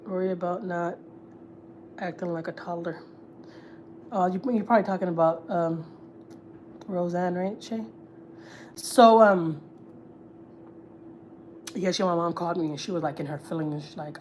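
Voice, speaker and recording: A woman's voice: fairly low pitch, fairly even intonation, a little slow, long pauses, darkish tone, slight background noise. A woman, chatting casually and swearing freely as host of a gossip livestream, often repeating herself. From Houston, Texas.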